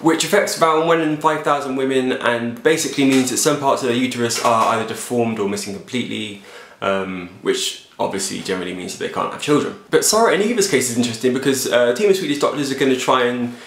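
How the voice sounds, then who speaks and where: A man hosting a fitness vlog, giving sarcastic and animated commentary on news stories. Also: mid-range voice, quick pace, gravelly, roomy sound, slight background noise. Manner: animated, sarcastic, jumps into silly voices. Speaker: fitness show host.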